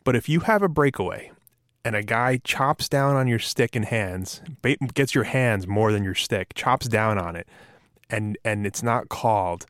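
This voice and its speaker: A man with a fairly low voice co-hosts a casual sports chat. He argues his points emphatically and with a joking edge. The recording is dry and close, with no room sound. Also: a little slow, dry recording. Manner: emphatic and joking, lively rants. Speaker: podcast co-host.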